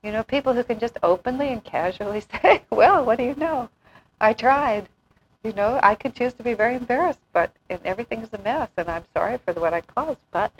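A woman gives an informal spiritual talk as a chatty storyteller, sharing anecdotes, acting out quotes and laughing often. Her mid-range voice moves briskly with lively intonation. The recording is muffled, with slight background noise.

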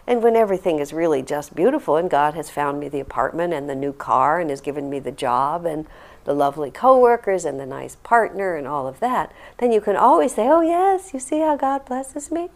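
An older woman who is a spiritual teacher answers a question while talking to a group, telling an earnest, reflective story and acting out the quotes. Her voice sits low, a little mellow, with vocal fry.

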